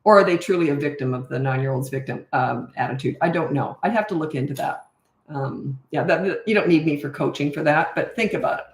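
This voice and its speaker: A woman's voice: deep voice, a little fast. A middle-aged woman hosting a casual live Q&A as a parenting coach. She reads out viewer questions and answers them frankly and chattily into a camera mic. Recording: roomy echo.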